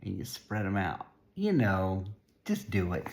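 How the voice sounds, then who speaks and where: A man's voice: sits low, big pitch swings, measured pace, vocal fry, darkish tone. Man, storybook reader, casual, chatty asides, explains pictures. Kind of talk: reading a picture book aloud to a child.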